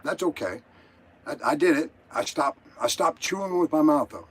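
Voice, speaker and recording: Older male caller, slightly high husky voice, agitated and profane. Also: expressive, normal speed. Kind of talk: emotional call-in story.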